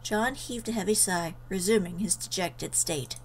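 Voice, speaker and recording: A woman's voice: medium pitch, moderate pace, darkish tone, a little hiss or hum, poor audio. A woman reading a visual novel aloud in an earnest way, breaking off for emotional asides. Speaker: let's player.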